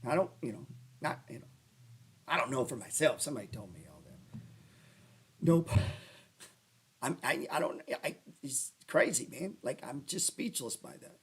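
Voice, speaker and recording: A man hosting a casual stock trading show, rambling and cursing as he talks through charts and breaks into loud rants. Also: medium pitch, lively intonation, normal speed, long pauses, husky. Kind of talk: casual livestream chat over stock charts. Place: lives in New Orleans.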